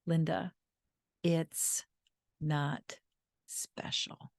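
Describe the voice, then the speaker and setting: Lady doing a kind old male teacher, soft gentle voice, low pitch, dry sound. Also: steady tone, very slow, vocal fry, no room sound, heavily acted. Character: kind, warm older male spiritual teacher.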